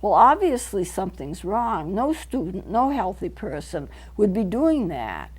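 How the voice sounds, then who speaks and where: A middle-aged woman counselor talks from a local TV studio. She explains each idea earnestly, going back over it so the point lands. Her voice sits at an ordinary middle pitch. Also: sing-song, unhurried, husky. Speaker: counselor hosting a local TV show. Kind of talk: teaching talk to camera.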